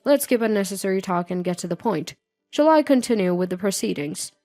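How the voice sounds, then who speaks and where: A woman's voice: mid-range voice, expressive, brisk, mellow, no room sound, close to an everyday voice. A formal male vice president running a meeting in an orderly, businesslike way, as a woman reads him. Dry, close voice with faint music under it.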